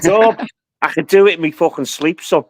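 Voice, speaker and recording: A man with a northern English accent, hosting a live call and trading loud, sweary jokes with his mates. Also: fairly high pitch, moderate pace, no room sound. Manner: loud, swearing, joking banter. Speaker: live stream host. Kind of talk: casual banter on a group call.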